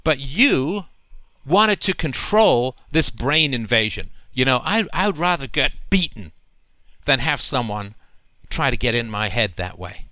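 A man's voice: medium pitch, sing-song, measured pace, pushed and bright. A male host talking emphatically in a long, flowing monologue, often checking in with "right?". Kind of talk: call-in conversation.

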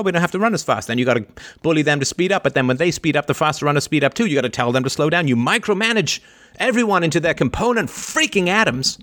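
A man hosting a livestream and answering a listener's question in a long, opinionated monologue. He lectures emphatically, repeats his key lines, and swings between loud sarcastic jabs and quieter asides. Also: on the high side, no room sound, clean studio sound.

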